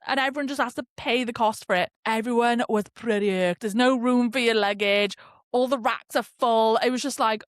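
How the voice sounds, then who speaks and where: A woman's voice: fairly high pitch, animated, a little fast, no room sound, studio quality. A young woman hosting a podcast, telling a story in a casual rant and swearing freely. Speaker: podcast host. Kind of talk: casual ranting monologue.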